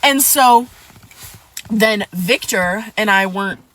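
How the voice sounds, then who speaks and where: Woman narrating her own drama, lively and fed-up, middle pitch. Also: takes it slowly. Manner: animated, exasperated storytelling with quoted dialogue. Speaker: storyteller. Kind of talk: storytime chat.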